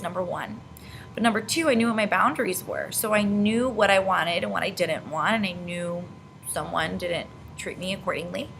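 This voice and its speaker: A woman's voice: medium pitch, bright, forceful tone, rough recording. A young woman in her twenties talking to camera in a casual advice vlog, earnest and reflective. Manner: earnest, reflective, speaks of handling conflict with poise. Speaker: vlogger.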